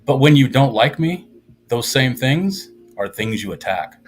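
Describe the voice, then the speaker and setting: A man's voice: mid-range voice, expressive, a little slow, faint music behind. A man chatting casually on a live stream in a rambling, sarcastic and self-mocking way.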